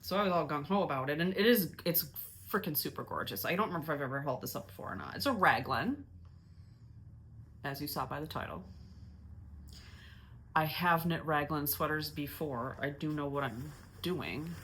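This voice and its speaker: Woman host, low-ish voice, casual self-mocking chatter with frequent restarts. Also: normal speed, a bit bright, a little hiss or hum. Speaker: knitting podcast host. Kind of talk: casual chat.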